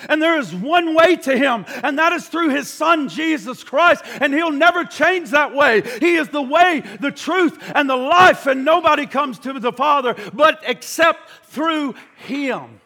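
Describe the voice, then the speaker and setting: A man preaching a sermon with fervor, shouting the high points and sinking to a quiet, hushed voice for the solemn passages. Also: expressive, unhurried, gravelly, hardly any pauses. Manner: impassioned, shouting at peaks, then dropping to a hushed low voice.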